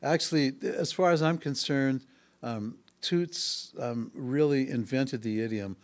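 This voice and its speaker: A male musician who plays harmonica and bass sits as a guest in a music school podcast studio, casually telling a story during an interview. His medium-pitched voice is a little slow as he rambles through an anecdote, hesitating often before picking the thread back up.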